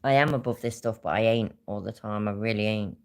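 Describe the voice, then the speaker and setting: A woman's voice: rumbling low, fairly quick, a little mellow. A woman reacting to a played stream, blunt and often swearing, laughing between remarks. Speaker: commentary streamer.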